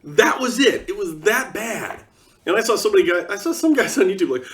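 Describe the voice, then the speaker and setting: A man rants to camera with exasperated sarcasm. His pitch swings widely, and his voice sits slightly high. He sounds somewhat distant from the microphone. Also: very animated, normal speed, a bit bright. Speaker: vlogger. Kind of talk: ranting monologue.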